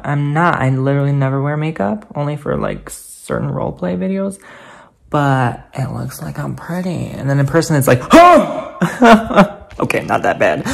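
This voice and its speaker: A man's voice: a little high, creaky. A man chatting casually in a home vlog, playful and theatrical while making coffee at home. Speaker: vlogger.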